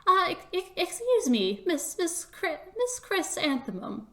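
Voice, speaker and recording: A woman doing a high stammering mouse official. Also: sing-song, measured pace, pushed and bright, full character voice. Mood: nervous. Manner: stammering, hesitant. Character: nervous timid female mouse official.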